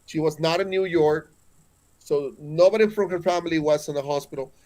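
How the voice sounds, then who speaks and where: Man in his 40s, Mexican accent, slightly high voice, emphatic storytelling, frequent restarts. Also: brisk, darkish tone. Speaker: guest. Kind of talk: earnest spiritual storytelling.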